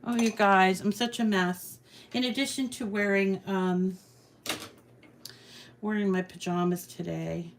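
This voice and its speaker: Slow-talking chatty craft tutorial woman. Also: medium pitch, fairly even intonation, slight background noise. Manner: chatty, rambling, self-deprecating. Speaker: craft channel host. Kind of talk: casual crafting tutorial with live chat.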